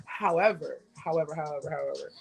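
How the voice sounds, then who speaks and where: A woman's voice: low-pitched, fast talker, vocal fry, husky. A woman hosting a livestream, giving casual gossip commentary in a rambling way and often repeating her words. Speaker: livestream host.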